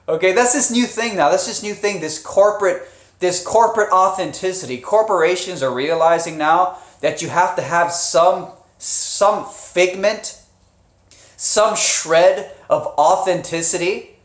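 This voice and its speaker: A man's voice: sits high, a little slow. A man hosting a casual live stream, talking loosely with restarts, chuckles and swearing. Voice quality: rambling, with frequent restarts and profanity. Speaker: live streamer and channel host. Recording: roomy echo.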